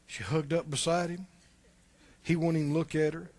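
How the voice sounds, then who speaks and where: A male pastor preaching a sermon, animated and full of rhetorical questions. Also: on the high side, normal speed.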